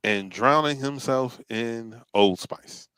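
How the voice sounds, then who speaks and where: A man with a smooth, resonant voice recalls a childhood story in an easygoing chat. He speaks in relaxed, halting phrases full of fillers, and the recording is close and dry. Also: medium pitch, no echo.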